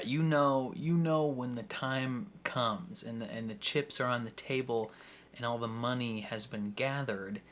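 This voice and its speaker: A young man talks through a TV episode in a loose, rambling way, laughing often and leaning on filler words. His voice sits at an ordinary middle pitch, with a faint ambient hum behind him. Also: fairly bright tone. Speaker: reaction video host. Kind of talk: casual TV reaction commentary.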